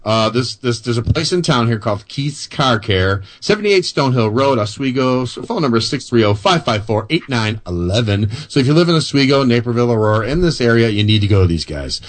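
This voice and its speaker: A man's voice: medium pitch, expressive, brisk, hardly any pauses. Rambling chatty male radio host. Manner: rambling, chatty, many fillers and restarts. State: wound up on coffee. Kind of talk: casual chat and news reading.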